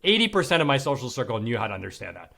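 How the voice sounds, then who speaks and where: A man's voice: medium pitch, sing-song, rapid-fire, gravelly, a bit bright, slightly rough. A man in his forties, a podcast guest, telling a candid personal story in casual conversation, swearing now and then and acting out the people he quotes.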